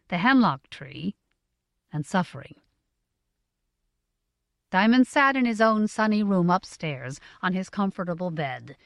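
Woman narrating with a lively pitch. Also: no room sound, clean studio sound. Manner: measured, expressive reading. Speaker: audiobook narrator. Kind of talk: scripted narration.

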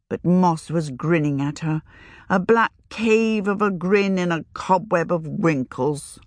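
A woman reading a novel aloud in a calm, measured storytelling manner. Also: lowish voice, no echo. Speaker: narrator. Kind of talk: audiobook narration.

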